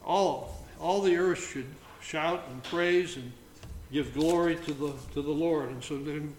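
A man leading an informal Bible study, reading scripture aloud between halting comments. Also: on the high side. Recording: roomy echo, faint background noise.

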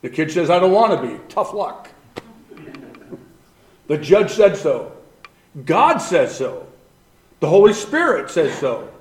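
A man preaching a sermon with a fairly high voice that rings out in a roomy, echoing space. He is emphatic, dropping to hushed asides and then rising to loud declarations, repeating words for weight. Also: sing-song, slow, pauses often. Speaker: pastor.

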